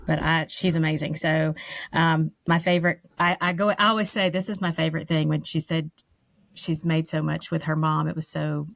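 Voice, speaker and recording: A woman co-hosting a podcast with a deep, gravelly voice. She gushes and rambles on the way to her point. The sound is dry and close. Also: level tone, normal speed, no echo. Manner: gushing, rambling. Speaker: podcast co-host. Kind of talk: podcast interview.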